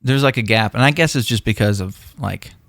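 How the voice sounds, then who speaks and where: A man's voice: on the low side, fairly quick, creaky, a bit bright, no room sound, clean studio sound. A man co-hosting a podcast in casual chat, rambling with lots of fillers and restarts. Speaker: podcast co-host.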